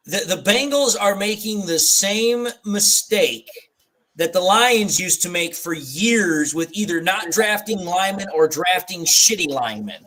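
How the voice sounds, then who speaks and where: Animated high-voiced man hosting a fan stream. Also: a little slow, low-quality recording. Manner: animated, laughing, retells movie scenes. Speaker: fan show host. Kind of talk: casual sports chat on a live stream.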